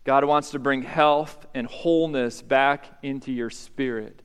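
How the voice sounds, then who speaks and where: A male pastor preaching a sermon, climbing to loud, high emphatic peaks and then dropping quiet. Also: steady tone, a little slow, smooth. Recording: long hall reverb.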